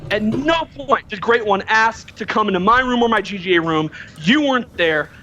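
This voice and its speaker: A man's voice: high voice, lively intonation, moderate pace, sharp tone, slight background noise. A man defending himself in a heated online argument, insistent and repeatedly asking to be heard.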